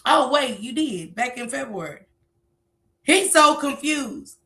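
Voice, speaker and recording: Blunt, bright-voiced woman in her forties. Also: high-pitched, animated, unhurried, gravelly. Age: 40s. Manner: blunt, profane and emphatic. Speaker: commentary livestream host. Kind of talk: reaction commentary.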